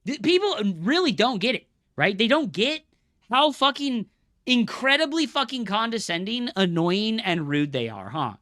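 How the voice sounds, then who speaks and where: A male live game streamer and coach talking straight to his viewers. His voice is bright and pushed forward, and he rants at chat, heavy on swearing and scolding. The sound is dry, with almost no room around it. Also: sits high, big pitch swings, moderate pace, dry recording. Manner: angry profane ranting at chat.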